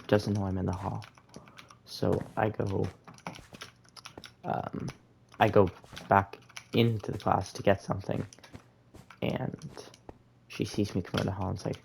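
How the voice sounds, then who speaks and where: A man's voice: deep voice, gravelly, a little mellow, a little hiss or hum. A young man casually telling a rambling, laid-back story over gameplay, full of fillers and slang. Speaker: gaming storyteller.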